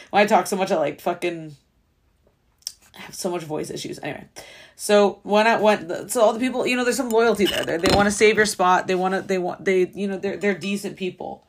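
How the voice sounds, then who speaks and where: A woman in her twenties hosting a solo podcast, rambling casually with lots of fillers and swearing. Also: medium pitch. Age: 20s. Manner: rambling, filler-heavy valley-girl talk with frequent swearing; fast, chatty storytelling. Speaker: podcast host.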